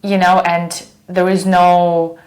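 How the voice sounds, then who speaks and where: A woman with a Kyrgyz accent, an actress chatting as an interview guest, animated and full of fillers. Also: fairly low pitch, takes it slowly. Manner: animated, mimics others in quotes, many fillers. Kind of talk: casual interview chat.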